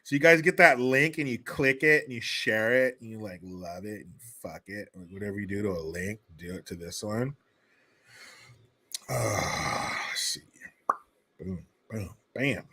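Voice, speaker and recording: Profane, bright-voiced ranting man. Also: lowish voice, unhurried, husky. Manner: profane, heated, mocking. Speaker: livestream host. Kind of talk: ranting commentary livestream.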